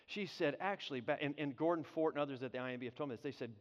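A man preaching a sermon, telling a story in an animated way, often repeating and restarting his words. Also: fairly high pitch, quick pace, hardly any pauses. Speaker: pastor. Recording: dull sound with long hall reverb.

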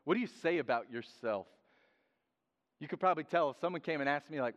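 A man preaching a sermon in a lively, joking way, acting out quotes in different voices. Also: mid-range voice, quick pace. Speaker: pastor. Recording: dull sound with long hall reverb.

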